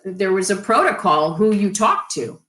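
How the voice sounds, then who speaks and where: Bright animated woman, roomy echo. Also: medium pitch, normal speed. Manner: animated storyteller. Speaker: guest, radio industry executive. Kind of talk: casual interview storytelling.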